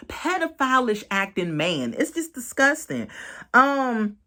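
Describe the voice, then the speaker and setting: A woman giving casual, expressive commentary on a reality show, with sharp swings in pitch for emphasis. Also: moderate pace.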